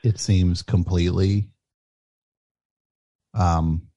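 A man hosting a comedy call-in show, speaking in a halting, stammering, over-apologetic way. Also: low-pitched, steady tone, dark tone, no room sound. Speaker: host.

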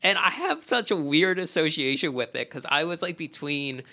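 A man in his thirties joins a casual podcast chat with quick agreement and his own memories. His voice is high for a man and rides lively swings in pitch. It sounds bright and gravelly. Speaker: podcast co-host.

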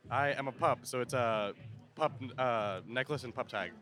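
A man at an outdoor pool party, answering questions in a mumbled, low-key way. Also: moderate pace, a bit bright.

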